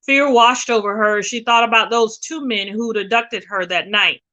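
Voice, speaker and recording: Woman reading a suspense novel out loud, bright voice, a bit high, dramatic. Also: normal speed, poor audio. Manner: expressive, dramatic storytelling. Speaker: reader.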